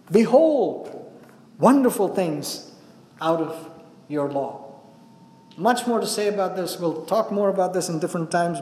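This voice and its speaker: A man with a high voice preaches a sermon in a roomy hall, and his words ring out with a long tail of reverb. He talks to the congregation in a conversational way and keeps checking in with "right?", sinking to a hush on his quiet asides. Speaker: pastor. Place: church hall. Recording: echoey hall, voice from a distance.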